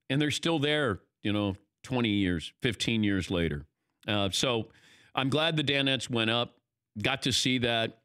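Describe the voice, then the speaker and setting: Older male host, animated raconteur, bright tone, lively pitch. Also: no room sound, clean studio sound. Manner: animated storytelling, acting out quoted lines. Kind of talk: casual chat.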